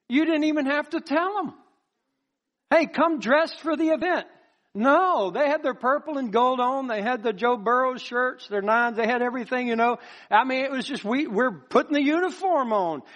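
High-voiced pastor preaching. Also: male voice, moderate pace. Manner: animated, folksy, with rhetorical questions and acted-out voices. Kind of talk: sermon.

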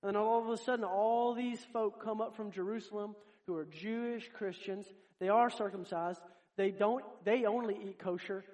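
A man's voice: sits high, steady tone, normal speed, darkish tone. A man preaching a sermon, earnest and direct, talking straight to his congregation.

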